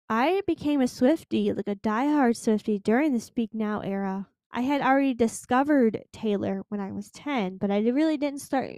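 A woman in her twenties from Florida, hosting a casual solo podcast, chatty and emphatic, slowing down to stress her points. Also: a little high, warm tone, no echo, studio quality. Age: 20s. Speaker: podcast host.

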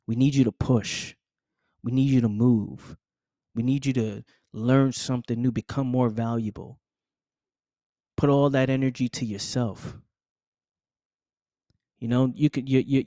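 A man's voice: medium pitch, warm tone, dry recording, clean studio sound. A man hosting a podcast, delivering a preachy motivational monologue straight to the listener, repeating phrases and calling them "fam.". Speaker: podcast host.

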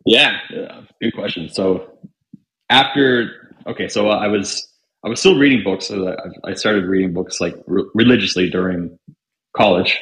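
Young guy, fairly low and bright voice, loose storyteller full of "like", in an echoey room. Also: moderate pace. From Canada. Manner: chatty, filler-heavy, acts out quoted dialogue. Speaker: podcast guest, salesman. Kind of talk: casual storytelling. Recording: roomy echo.

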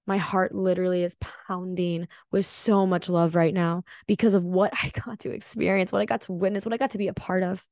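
A woman's voice: fairly low pitch, fairly even intonation, brisk, hardly any pauses, a little mellow, no echo. Heartfelt woman podcaster, dry close sound. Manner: heartfelt, emphatic, occasional swearing. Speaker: podcast host. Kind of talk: reflective podcast monologue.

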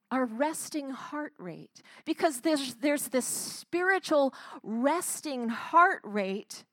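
A woman's voice: sits high, sharp tone, dry recording. A woman giving an earnest devotional talk, retelling a story with frequent restarts. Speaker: Christian speaker.

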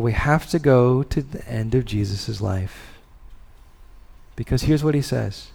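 Slow, deliberate male preacher. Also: vocal fry. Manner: slow, deliberate delivery with long pauses and soft endings; rises in intensity on key words, then drops low. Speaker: pastor. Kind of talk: sermon.

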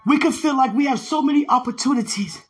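A woman giving a devotional podcast sermon, retelling a Bible story with animated storytelling and acting out the characters' lines. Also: sits high, fast, faint music behind, poor audio. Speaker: preacher.

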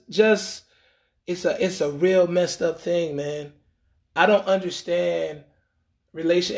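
A man telling a rambling dating story in a casual monologue, slangy and animated, acting out what people said. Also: sits high. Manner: rambling, animated, acts out quoted lines; frequent fillers and restarts, slangy.

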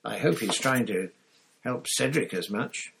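A man voicing an earnest, disapproving teenage girl student, pushing his voice higher and louder with prim emphasis. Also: lively intonation, unhurried, gravelly, slightly rough, exaggerated voice, rough recording.

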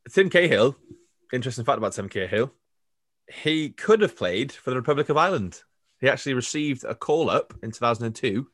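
A man co-hosting a casual football podcast, his voice mid-pitched and sitting close and dry on the mic. He chats easily and breaks into laughter often. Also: a bit bright, dry recording. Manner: laughs often, chatty, trails off into fillers. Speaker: podcast co-host. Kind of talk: casual chat about football. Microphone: remote video call.

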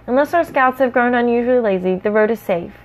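A woman's voice: a little high, quick pace, natural voice. A woman reading the lines of a stern male ranger captain in a dry, curt manner. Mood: cheerful.

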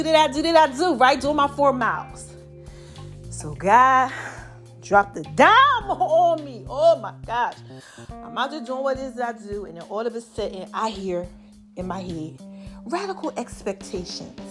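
A woman hosting a casual inspirational podcast, chatty and preachy, talking to her listeners and a bit out of breath. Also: fairly high pitch. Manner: chatty, preachy, animated with lots of y'all and child. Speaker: podcast host.

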